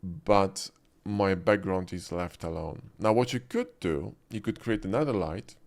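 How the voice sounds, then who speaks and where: Man, deep low voice, software tutorial voice-over, casual check-ins, desktop mic. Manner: conversational, frequent "right?" and "okay?" check-ins. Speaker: 3D art instructor. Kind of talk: screen-recorded software tutorial.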